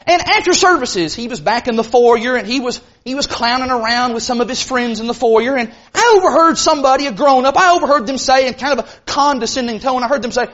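A man preaching a sermon in an earnest, emphatic way, rushing some phrases and slowing hard on others. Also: extremely high pitch, a bit bright, muffled recording. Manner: earnest, emphatic, with sudden bursts of speed and slow stressed phrases.

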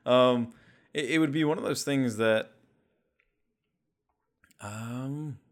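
A man's voice: mid-range voice, takes it slowly. A man co-hosting a casual gaming podcast, rambling and leaning heavily on "you know". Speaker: podcast co-host.

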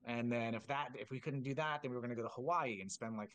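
A man's voice: mid-range voice, fast, no echo. A man, a drumline instructor, telling stories casually on a podcast and acting out quoted dialogue with lots of filler words. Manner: animated, acts out quoted dialogue in a raised voice.

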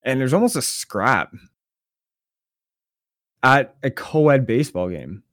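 A man spins a story on a podcast, sarcastic and full of swearing, with a mid-range voice. His telling is loose and animated, recorded dry and close with no room sound. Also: medium pitch, slow pace, no echo. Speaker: podcast co-host. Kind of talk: casual storytelling chat.

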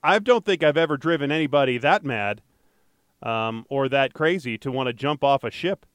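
A man's voice: medium pitch, moderate pace, no echo. A man co-hosting a casual podcast, rambling through news stories with jokes and frequent self-corrections. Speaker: podcast co-host and traffic anchor.

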